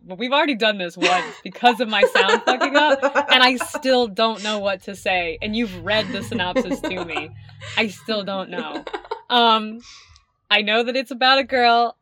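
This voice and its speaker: A young adult woman co-hosts a casual podcast, chatting in a loose, rambling way and swearing freely. Her voice sits at a medium pitch. The recording is very dry, with no room sound. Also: a bit bright, no room sound. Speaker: podcast co-host. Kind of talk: casual chat.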